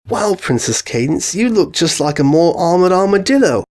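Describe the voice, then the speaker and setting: A woman's voice: lowish voice, very animated, moderate pace, a little mellow, voice pushed up. A woman voicing a young, shy male pony colt who talks nervously and apologetically. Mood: awed.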